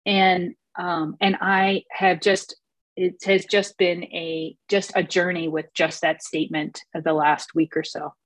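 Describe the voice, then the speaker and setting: A woman's voice: fairly low pitch, level tone, a little slow, dry recording. A woman sharing her story at a recovery meeting, hesitant, with many fillers and restarts. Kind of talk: personal share at a recovery meeting.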